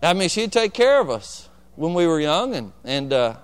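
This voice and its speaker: A man's voice: a little high, big pitch swings, moderate pace, smooth. Resonant-voiced man preaching a sermon. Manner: storytelling, calling out to the congregation for agreement. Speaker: pastor.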